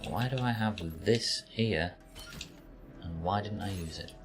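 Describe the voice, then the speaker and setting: A man's voice: sits low, takes it slowly, music in the background. Chatty man streaming a game. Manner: chatty, jokey, talks to chat while playing. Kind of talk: casual gameplay commentary.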